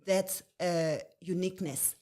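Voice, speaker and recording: A woman's voice: lowish voice, steady tone, unhurried, warm tone. A woman with a South African accent whose home language is Zulu, co-hosting a podcast in a reflective, hesitant way with sayings. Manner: thoughtful, hesitant with uh and restarts, uses proverbs. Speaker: podcast co-host. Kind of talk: casual chat. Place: podcast recording in Britain.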